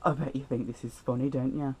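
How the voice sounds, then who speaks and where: A man's voice: medium pitch, steady tone, brisk, dark tone, husky, poor audio. Teen boy playing a stern, irritable PE teacher, curt and accusing, in a retold story.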